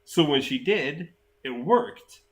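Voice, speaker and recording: A man's voice: on the high side, animated, slow. A man from Sweden, a native Swedish speaker, chatting casually in English as co-host, hesitant and full of fillers. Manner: hesitant, many fillers and restarts. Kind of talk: casual chat.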